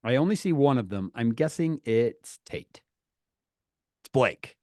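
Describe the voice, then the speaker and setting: Playful man with lively swings in pitch. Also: measured pace, dry recording, studio quality. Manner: playful, teasing, lively greetings. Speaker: host of a video-call youth class. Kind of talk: casual chat on a video call.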